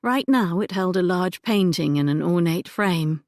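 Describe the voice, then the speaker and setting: A woman narrating an audiobook in a measured, even manner on a close microphone. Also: lowish voice, no room sound.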